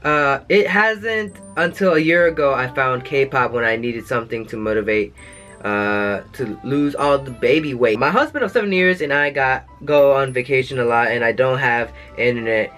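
A man's voice: mid-range voice, normal speed, a bit bright, soft background music. A YouTube host, a man, reading fan letters aloud and adding jokey asides between them.

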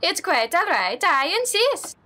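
A woman's voice: extremely high pitch, sing-song, unhurried, pushed and bright, voice pushed up, exaggerated voice. A woman voicing a kindly older female neighbor in a game, polite and sweet, with a Minnesotan accent.

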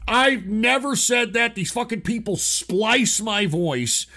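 Combative male talk-radio host; sharp, bright tone, swears constantly. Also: high voice, expressive, slow. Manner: profane, ranting, combative. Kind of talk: call-in radio talk show.

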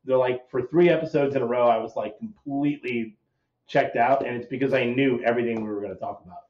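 A man's voice: medium pitch, fast talker, a little mellow. A man chatting as a podcast guest, laid-back and full of fillers. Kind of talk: casual chat. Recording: echoey, dull lo-fi sound.

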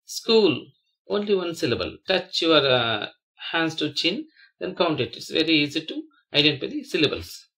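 A teacher narrating a slideshow lesson, saying each word twice and slowly drawing out its syllables, with frequent pauses and restarts. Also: medium pitch, sing-song, a bit bright. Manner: halting, with frequent fillers and restarts. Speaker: English teacher.

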